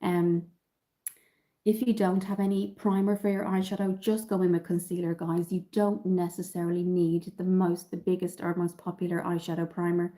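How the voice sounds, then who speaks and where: An Irish makeup livestream host from Dublin talks at a normal speed in a fairly low, mellow voice with little pitch movement, slightly nasal as a cold sets in. She's chatty, reads out and responds to viewer comments, and uses many ums. The recording is low quality.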